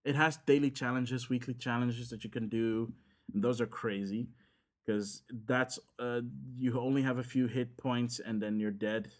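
A man's voice: mid-range voice, fairly even intonation, moderate pace. Guy rambling on a podcast, full of uhs and ums. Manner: rambling with many fillers and restarts. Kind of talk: casual chat about games.

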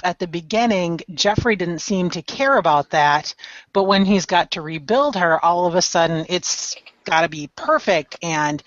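A woman with a fairly low voice speaks earnestly on a casual film podcast, often repeating a point to stress it. The audio is dry and somewhat muffled. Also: no echo. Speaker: podcast panelist. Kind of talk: casual movie discussion.

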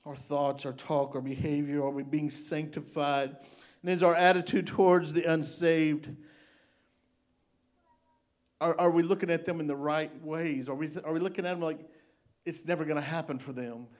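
A male pastor delivers a fervent sermon in a voice that sits a little high for a man. He swings between quiet, tender reflection and rising, emotional exclamations. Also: fairly even intonation, normal speed. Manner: impassioned preaching with rising exclamations.

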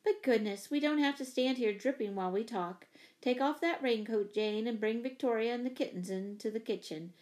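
A woman voicing a brisk, practical mother who fusses and takes charge in a storybook reading. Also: fairly high pitch, a little mellow, natural voice. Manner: brisk and fussing.

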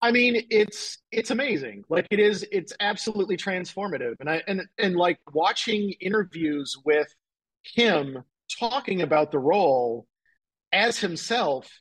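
A man's voice: sits high, animated, unhurried, fairly bright tone, husky, low-quality recording. A man guesting on a podcast, talking enthusiastically in a rambling way, full of "like" and "you know". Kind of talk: casual chat.

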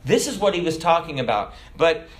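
Animated preacher with big swings. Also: male voice, a little fast. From America. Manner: animated storytelling preacher, jumps loud and high then drops soft. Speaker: pastor. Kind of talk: sermon.

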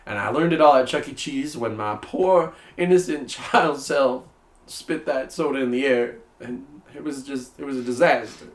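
A young man hamming up a story as he chats on a podcast, voice neither high nor low. He talks in a playful, exaggerated way. The room around him sounds echoey. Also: normal speed. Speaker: podcast co-host. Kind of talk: casual chat.

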